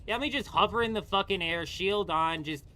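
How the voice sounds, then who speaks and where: A young man livestreaming a game, ranting in a bright, forceful voice pitched a little high. He swears constantly and vents his frustration at the gameplay. A faint hiss of background noise sits under his voice. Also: fairly quick. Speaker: gaming streamer. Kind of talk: live gameplay commentary.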